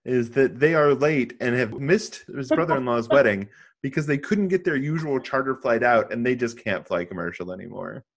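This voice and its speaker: Measured male podcast co-host. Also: mid-range voice, lively intonation. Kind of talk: casual chat.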